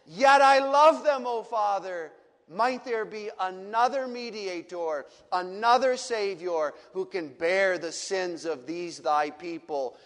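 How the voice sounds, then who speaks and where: A man preaching who voices Jesus as a grown man pleading in anguished prayer, emphatic and building louder, in a reverberant hall. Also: high voice, slow pace.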